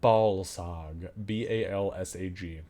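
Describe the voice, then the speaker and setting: A man voicing a soft-spoken goblin priestess. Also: low voice, voice pushed down. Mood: formal. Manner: formal, measured, soft-spoken, sometimes whispered. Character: solemn female goblin priestess, courteous and weary.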